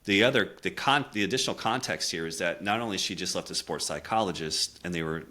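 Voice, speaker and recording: A middle-aged communication coach with a low-pitched voice talks fast as he tells a candid story from his own life. Earnest and reflective throughout, he grows quiet in the emotional moments.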